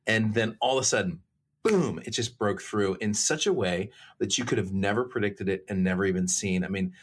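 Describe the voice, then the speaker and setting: A man with a husky, somewhat low voice shares faith stories on a talk show. He tells them animatedly and often restarts his sentences. He sounds like a preacher speaking in ordinary conversation. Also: quick pace. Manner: animated storyteller, many restarts. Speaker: guest.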